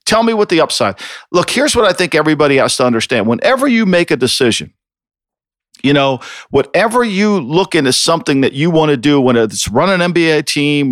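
A man's voice: on the high side, a bit bright, dry recording, studio quality. A man co-hosting a sports podcast, ranting with exasperation and swearing freely. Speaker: podcast co-host. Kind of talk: heated sports opinion talk.

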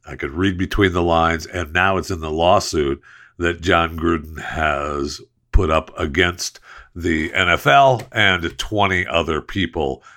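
Deep-voiced man hosting a talk show. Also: a bit bright. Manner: loose, jokey, playful asides. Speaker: podcast host. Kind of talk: casual sports talk with host-read ad.

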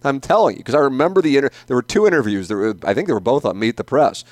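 A man's voice: mid-range voice, animated, racing, dry recording. A middle-aged man hosting his own podcast, ranting in a casual, profane way and repeating himself for emphasis. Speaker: podcast host. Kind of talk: opinionated casual rant.

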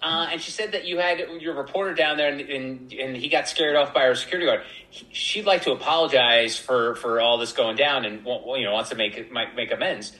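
A man telling a story as a podcast guest in a casual, animated way, acting out the voices of the people in it. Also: medium pitch, fairly quick, few pauses, reverberant, poor audio. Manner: animated, acts out voices in quotes.

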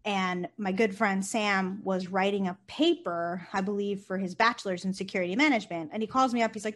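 A woman, a nurse and company founder, talking casually in an interview and telling stories with lively, acted-out quotes. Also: medium pitch, fairly quick, few pauses. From United States. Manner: animated storyteller, acts out quotes, swears casually.

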